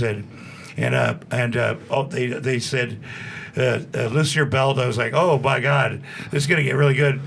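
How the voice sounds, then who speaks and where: Gravelly older man telling rambling stories. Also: medium pitch, moderate pace, a bit bright, slight background noise. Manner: rambling, with many restarts and acted-out quotes. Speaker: guest. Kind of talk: casual storytelling.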